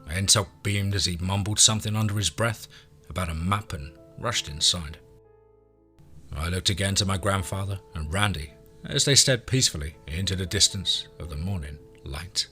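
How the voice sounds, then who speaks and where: Deep-voiced male story narrator. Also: moderate pace, sharp tone, faint music behind.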